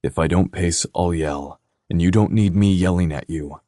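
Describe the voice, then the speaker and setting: A man voicing a restless, protective young man in an audiobook, speaking in a gruff, clipped way. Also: low voice, normal speed, mellow, no echo, studio quality, close to an everyday voice. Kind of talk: audiobook character voice.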